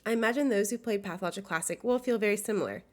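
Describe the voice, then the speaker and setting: Despite being sick, a young woman delivers scripted video essay commentary at a rapid-fire pace. Her mid-range voice sounds nasal and congested, and her manner is earnest and enthusiastic, with fillers now and then.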